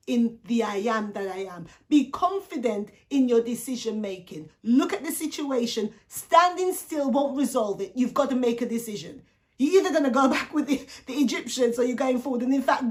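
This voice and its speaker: A Christian life coach with a high voice gives a faith-based talk, addressing her viewers directly. She poses rhetorical questions and performs the voices of the people in her story.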